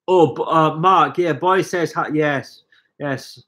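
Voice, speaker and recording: Middle-aged Scottish man, hoarse with a cold, rambling chatty live-stream host, self-mocking, voice sits a bit high. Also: slow pace, a bit bright. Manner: chatty, self-mocking, reading out viewer comments. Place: living room at home.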